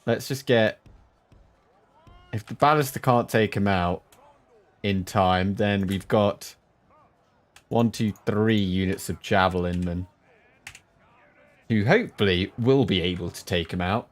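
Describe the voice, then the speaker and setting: Male streamer, unhurried gameplay commentary, low-ish voice, chatty with viewers. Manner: chatty, talks to stream chat between sudden excited outbursts. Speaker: game streamer.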